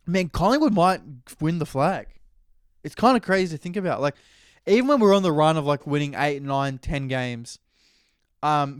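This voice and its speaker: A man's voice: on the high side, smooth, no room sound, studio quality. A man with an Australian accent hosting a solo podcast in rambling, crude, jokey casual chat. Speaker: podcast host.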